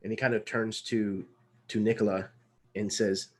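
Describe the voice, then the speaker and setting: Husky man narrating his tabletop character. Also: on the low side, flat delivery, normal speed, darkish tone. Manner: hesitant, polite. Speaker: player. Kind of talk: tabletop role-play narration.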